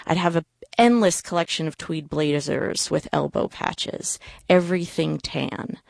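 Woman, low and gravelly, dry close sound; wry first-person storyteller. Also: a little slow, no echo. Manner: wry, self-mocking delivery.

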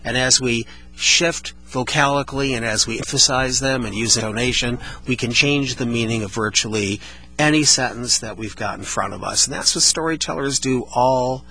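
A man's voice: mid-range voice, normal speed, pushed and bright, rough recording. A man hosting a storytelling radio show, speaking casually and playfully with a studio microphone. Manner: playful, demonstrates vocal emphasis.

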